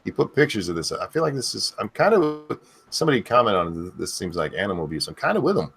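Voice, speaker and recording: A man's voice: fairly low pitch, big pitch swings, fast talker, gravelly. A man hosting a casual online chat show, loose and rambling, thanking his audience and co-hosts. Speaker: podcast host.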